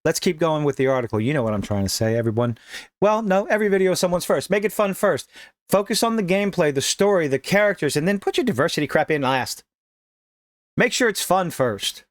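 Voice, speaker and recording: A man giving sarcastic, emphatic gaming news commentary with dramatic pauses. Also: fairly high pitch, lively intonation, no room sound, clean studio sound. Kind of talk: opinionated online commentary.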